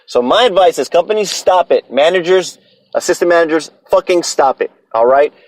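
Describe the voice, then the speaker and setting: A man's voice: on the high side, expressive, a little fast, no room sound, low-quality recording. A man in his thirties hosting a solo podcast, ranting bluntly and profanely about his opinions. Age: 30s. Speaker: podcast host.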